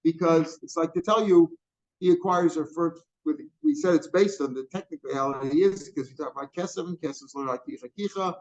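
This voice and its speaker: A man's voice: a little high, brisk, darkish tone. A man teaching a Talmud page line by line, explaining Hebrew and Aramaic terms with a lot of repetition and rephrasing. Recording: dull lo-fi recording.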